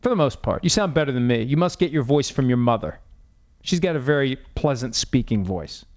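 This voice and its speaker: A man's voice: mid-range voice, lively intonation, brisk. A man hosting a podcast, chatting casually about sports and mocking himself with a wry, rambling manner. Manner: wry, self-deprecating, rambling. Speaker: podcast host. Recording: dull, slightly lo-fi sound.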